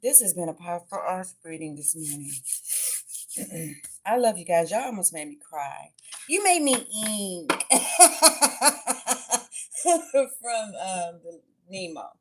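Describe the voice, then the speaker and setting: A woman's voice: lowish voice, animated, measured pace, warm tone. A woman giving a casual tarot and oracle card reading to her viewers, chatty and blunt, swearing freely and calling them babies and y'all.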